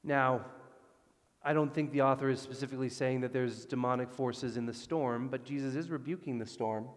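A man preaching a sermon, animated, moving between loud emphasis and hushed, calm passages. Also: medium pitch, normal speed. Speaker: pastor. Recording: long hall reverb.

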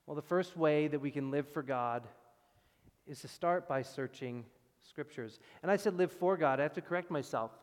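A man preaching a sermon as pastor, with emphatic loud stresses that drop to quiet, low passages. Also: normal speed. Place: church sanctuary. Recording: long reverb of a church hall.

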